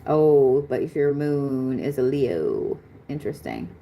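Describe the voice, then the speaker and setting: A woman with a low voice runs a live astrology reading. She talks in a chatty, excitable way and swears casually as she goes. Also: takes it slowly. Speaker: astrology reader.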